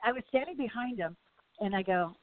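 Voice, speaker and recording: A woman's voice: medium pitch, animated, a little fast. A middle-aged woman, a guest in a casual interview, telling long rambling stories full of "you know" and acted-out quotes. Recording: phone-like audio.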